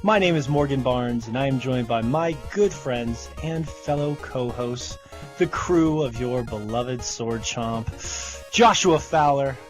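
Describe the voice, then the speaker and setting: A man's voice: mid-range voice, a little slow, soft background music. A man hosting a gaming podcast, chatting in an upbeat casual way with fillers. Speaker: podcast host.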